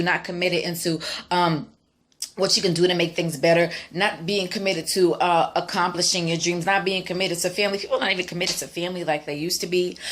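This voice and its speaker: A woman in her thirties vlogging, telling a personal story in a chatty, animated way that turns preachy and motivational. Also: on the low side.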